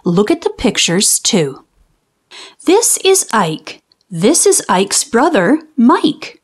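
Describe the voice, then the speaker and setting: Slow, lively-voiced story reader woman. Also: on the high side, breathy edge. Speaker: children's book reader. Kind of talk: read-aloud storytime with phonics lessons.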